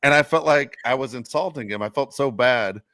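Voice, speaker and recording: A middle-aged man co-hosting a podcast, telling stories in a casual, animated way and laughing often. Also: mid-range voice, fairly quick, no room sound, studio quality. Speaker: podcast co-host. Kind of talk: casual chat.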